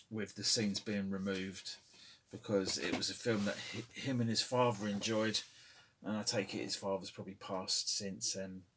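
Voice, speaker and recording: A man's voice: fairly low pitch, bright, forceful tone, slight background noise. A middle-aged man hosting a casual opinion vlog. He rambles and hesitates, with many fillers. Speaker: channel host.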